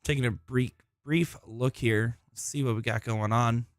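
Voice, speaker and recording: A man's voice: mid-range voice, steady tone, measured pace, no echo, studio quality. A man giving live solo commentary at a darts tournament in a busy room, chatting with viewers and joking about himself. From Florida. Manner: chatty, joking, self-deprecating.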